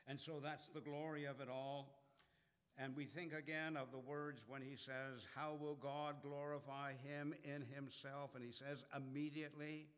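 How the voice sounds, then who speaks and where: A man preaching a sermon, calling out quoted scripture loudly and then dropping to a low, soft voice. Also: little pitch movement, measured pace. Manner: swells loud on quoted scripture, drops low and soft after. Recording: long hall reverb.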